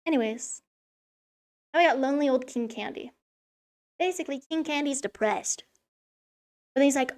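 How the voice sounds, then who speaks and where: A woman's voice: high-pitched, moderate pace, pauses often, a little mellow. A young woman vlogger giving a casual, sarcastic recap of a children's story, swearing freely as she goes. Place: room in a school.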